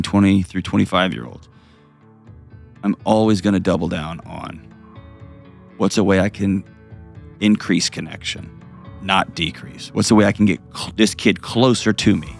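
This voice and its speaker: A man's voice: fairly low pitch, gravelly, dry recording. A man hosting an advice call-in show, earnest and emotional. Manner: earnest, emotional, pauses heavily. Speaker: radio show host.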